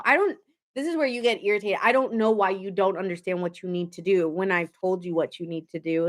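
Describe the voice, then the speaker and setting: Streaming live, a tarot reader with a mid-range voice moves briskly through a relaxed reading. She chats freely and laughs a lot while imitating what people say.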